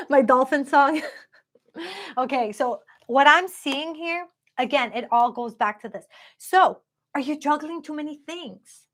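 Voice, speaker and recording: A woman's voice: sits high, animated, takes it slowly, pushed and bright. A woman giving a live-streamed tarot reading in a chatty, upbeat way, talking straight to her viewers. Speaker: tarot card reader.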